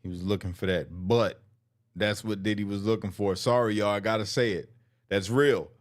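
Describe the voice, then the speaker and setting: A man's voice: lowish voice, fairly even intonation, normal speed, faint music behind. A man hosting a show, reacting to a clip in blunt, slangy casual commentary.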